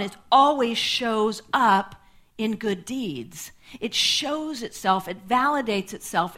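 A woman pastor giving a sermon, teaching in a measured way, stressing key words and checking in with "right?". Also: medium pitch, fairly bright tone.

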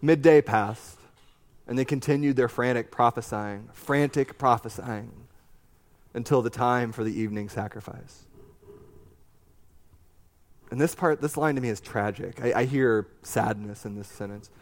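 A man preaching a sermon, reading scripture and adding animated, conversational asides with a joking streak. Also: mid-range voice, unhurried, long pauses. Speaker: pastor.

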